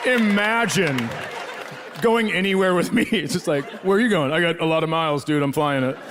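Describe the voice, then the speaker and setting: A man's voice: a little high, quick pace. A man doing a stand-up comedy set, telling a story with profane, incredulous asides and quoted voices. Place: theater stage before a live audience. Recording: live stage mic, crowd noise. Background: audience laughter.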